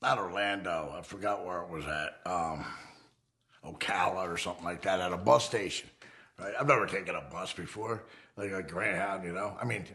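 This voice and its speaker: Gravelly middle-aged man telling a story. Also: sits low, normal speed. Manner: animated, profane, acts out the people in his story. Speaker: interviewee. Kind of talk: casual storytelling.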